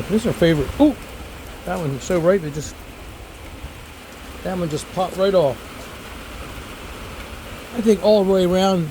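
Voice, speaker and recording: Older man, seventies, ex-teacher, casual rambling garden vlog, a bit high-pitched. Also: noisy background. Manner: chatty, rambling, digressive. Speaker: fig grower and former teacher. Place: outdoors among fig trees.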